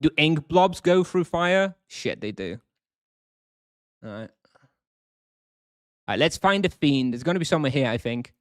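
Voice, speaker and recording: A man's voice: a little high, lively intonation, a little slow, pauses often, no room sound, studio quality. A man live-streaming a video game, thinking aloud, chatting casually and answering questions from chat.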